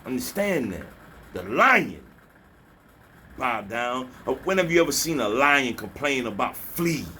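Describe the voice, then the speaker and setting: A man preaching a forceful rant, scolding and taunting whoever is listening. His pitch swings widely as he hammers the same slogans again and again. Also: big pitch swings, measured pace, slight background noise. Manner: repeats slogans, mocking laughter. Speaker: spiritual vlogger.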